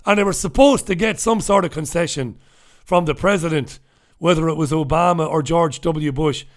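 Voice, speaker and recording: The Irish man hosting this one-man newspaper review has a fairly high voice and talks at normal speed. He reads viewers' comments from the live chat, sarcastic and blunt, with some swearing.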